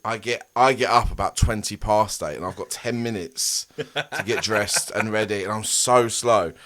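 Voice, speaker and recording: A man's voice: lowish voice, moderate pace, fairly bright tone. A man, telling rambling stories on a casual podcast, laughing and swearing as he goes. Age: 30s. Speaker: podcast co-host. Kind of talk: casual chat.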